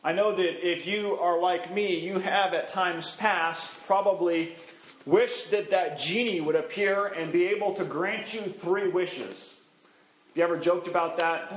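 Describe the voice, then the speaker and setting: A man preaching from the pulpit, relaxed and folksy as he tells a story and plays its characters. His voice sits fairly high, and the recording carries the roomy echo of a church. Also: unhurried, a little hiss or hum. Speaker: pastor. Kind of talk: sermon storytelling.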